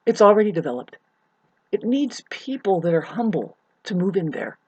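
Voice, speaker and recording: A woman venting in a ranting monologue, profane and agitated, swinging from loud scolding to hushed asides and stumbling over her restarts. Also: lowish voice, very animated, moderate pace, slightly rough. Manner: stammering restarts. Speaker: vlogger.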